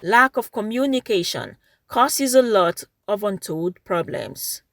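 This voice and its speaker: A woman giving measured, scripted narration for a television feature. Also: medium pitch, expressive. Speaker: program narrator.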